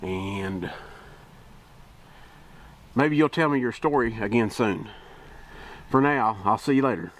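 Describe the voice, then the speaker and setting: An older man with a drawl rambles folksily into his camera microphone as he climbs a wooded trail, puffing for breath. His voice sits at an ordinary middle pitch, and a faint hush of outdoor ambience stays beneath his talk. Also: animated, takes it slowly, pauses often, a little hiss or hum. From Kentucky. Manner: rambling, folksy, with many fillers. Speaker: outdoor vlogger. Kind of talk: casual narration while hiking.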